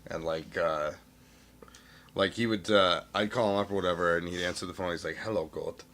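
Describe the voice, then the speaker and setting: A low-voiced man banters with his co-host in relaxed podcast chat. He jokes, laughs at his own stories and trails off mid-thought. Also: fairly quick, noisy background. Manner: joking, laughs often. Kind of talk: casual chat.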